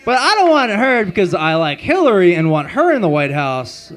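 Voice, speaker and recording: A man performing a stand-up comedy set at an open mic on a club stage, delivering deadpan setups and punchlines through a handheld stage mic. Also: high voice, moderate pace, slight background noise.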